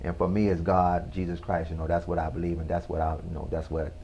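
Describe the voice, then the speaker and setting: A man who is a guest on an interview show, earnestly telling a personal story in a slow, casual way with slang. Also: sits low, little pitch movement, warm tone, slight background noise.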